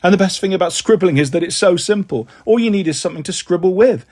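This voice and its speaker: A man reading a children's book aloud with playful, animated first-person narration. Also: high-pitched, fast talker. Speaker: storyteller.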